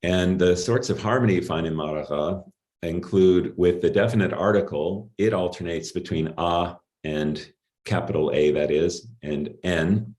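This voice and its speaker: A middle-aged man giving an academic linguistics talk in a measured, explanatory way, with some pauses and fillers. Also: deep voice, a little mellow. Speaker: linguistics lecturer.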